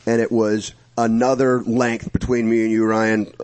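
A man telling a long profane story in casual chat among friends, animated and swearing freely. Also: fairly low pitch, moderate pace.

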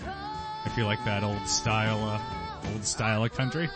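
A man's voice: on the low side, lively intonation, normal speed, music in the background. A man in his late twenties co-hosting a casual comedy podcast, making dry, joking asides. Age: late 20s.

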